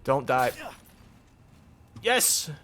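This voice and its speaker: A man's voice: mid-range voice, big pitch swings, drawn-out words, a bit bright, faint music behind. A man hosting a gaming channel, giving sarcastic, wry commentary over his own gameplay.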